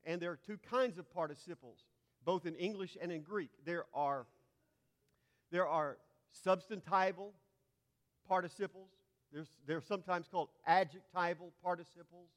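A man with a high voice preaches a teaching sermon, stumbling over repeated words as he works toward a point. He builds to forceful, emphatic peaks. His voice rings through a hall with a long reverb.

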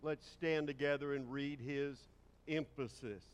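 A man's voice: medium pitch, fairly even intonation, a little slow, clear, resonant tone. A middle-aged man preaching a sermon as pastor, shifting his pace and volume for emphasis. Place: church sanctuary. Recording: long hall reverb.

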